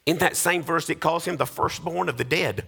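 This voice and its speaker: A man's voice: fairly high pitch, normal speed, vocal fry, pushed and bright, husky. A man preaching a sermon, emphatic and rhythmic, with repeated refrains that lift into sing-song cadences. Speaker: pastor.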